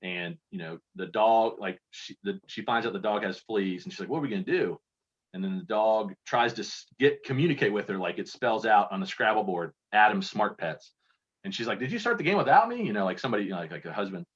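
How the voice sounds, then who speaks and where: A man from Kentucky talking in a fairly low voice, telling loose, self-deprecating stories as an interview guest. His sound is dull and lo-fi, as over a video call. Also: brisk, husky. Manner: rambling, self-deprecating storyteller. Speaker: guest contest entrant. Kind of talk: casual interview chat.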